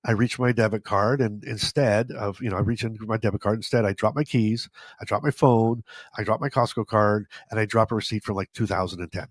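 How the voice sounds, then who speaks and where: A man's voice: lowish voice, fairly even intonation, fairly quick, no room sound. A man hosting a podcast, telling stories in a casual, joking, self-deprecating way with a stuffy nose. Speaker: podcast host. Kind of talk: casual storytelling monologue.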